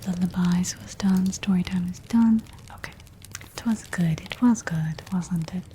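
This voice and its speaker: A woman streamer speaking in a soft, soothing ASMR whisper and repeating trigger words gently. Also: lowish voice, a little slow, slight background noise.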